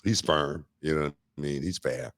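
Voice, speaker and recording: A man with a very low voice chats casually on a wrestling podcast. He punctuates his talk with punchy catchphrases and "you know what I mean". The sound is close and dry. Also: normal speed, fairly bright tone, no room sound. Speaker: podcast co-host. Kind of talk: casual chat.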